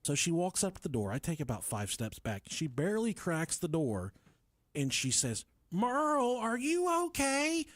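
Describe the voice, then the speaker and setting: A young man spins a profane, animated anecdote for his podcast co-host. His voice is a touch high and swings widely in pitch. The sound is dry and close. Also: normal speed, no echo. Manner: animated, profane, laughs through his story. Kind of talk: storytelling.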